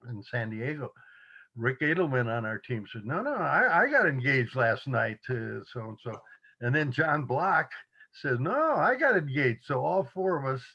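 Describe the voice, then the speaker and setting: An older man in his seventies spins a yarn with easy, chuckling energy, mimicking the people in his story. His voice sits at an average pitch. The recording sounds a little dull and muffled. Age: 70s. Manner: chuckling, animated quoting of others. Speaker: interview guest. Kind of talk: casual storytelling.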